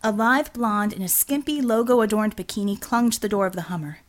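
A woman narrating an audiobook with a steady, expressive reading. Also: medium pitch, fairly quick. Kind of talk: scripted narration.

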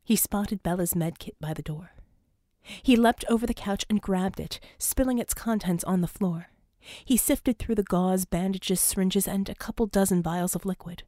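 A woman narrating an audiobook in a dramatic, tense reading that rises to shouts and drops to sobs for the characters. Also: mid-range voice, moderate pace, no room sound, studio quality. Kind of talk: scripted narration.

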